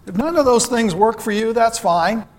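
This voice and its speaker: Earnest church speaker, man, high voice, asks his flock pointed questions. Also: expressive, normal speed, long reverb tail. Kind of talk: sermon.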